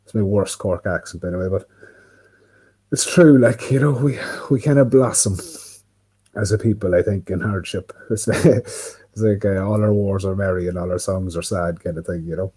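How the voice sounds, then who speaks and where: A man's voice: low voice, steady tone, normal speed, dark tone, breathy edge, rough recording. An Irish man rambling casually on a livestream, full of fillers and swearing, talking to himself by a window. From Ireland. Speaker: livestream host. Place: indoors by a window.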